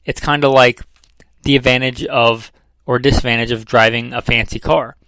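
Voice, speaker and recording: A man's voice: medium pitch, fairly even intonation, moderate pace, a bit bright, clear, resonant tone, dry recording, poor audio. A man, a firearms trainer, talking through a casual instructional lesson in a conversational way, repeating key figures and dropping dry sarcastic asides.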